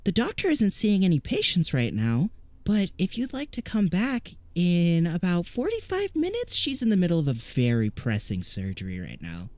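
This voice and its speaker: A man's voice: high voice, wildly swooping pitch, normal speed, darkish tone, dry recording, voice pushed up. A man voicing a playful little girl who plays doctor and talks in a prim, make-believe formal way. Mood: pretending.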